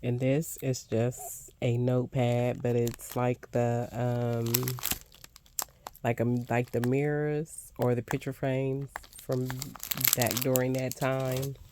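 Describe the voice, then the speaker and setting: Older lady vlogger unboxing planner stuff, super low voice, talks slow but keeps gushing. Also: noisy background. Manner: excitable, gushing exclamations. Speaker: crafting vlogger. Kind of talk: casual unboxing vlog.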